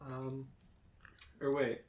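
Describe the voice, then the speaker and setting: A man co-hosting a casual podcast, talking in a dry, understated, low-key way. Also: monotone, drawn-out words, darkish tone, slight background noise. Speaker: podcast co-host.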